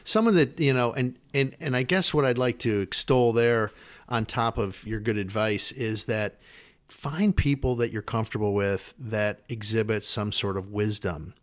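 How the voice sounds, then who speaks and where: A man's voice: on the low side, normal speed. A man hosting a podcast interview, chatty and prone to repeating words as he thinks. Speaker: podcast host.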